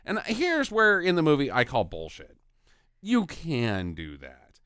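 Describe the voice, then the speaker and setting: A man co-hosting a casual comedic movie review podcast, joking with quick asides. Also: on the high side, huge pitch swings, fairly bright tone, clear, resonant tone, no echo, clean studio sound. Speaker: podcast co-host.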